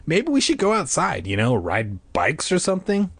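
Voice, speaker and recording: A man's voice: wildly swooping pitch, normal speed, gravelly, a bit bright, breathy edge, dry recording, heavily acted. A hesitant, wistful young girl, as a man puts her on in a storybook reading. The voice is pushed well above his own and sounds pleading and uneasy. It is recorded dry and close, with no room sound. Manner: high-pitched, pleading. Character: girl who is nervous and wistful.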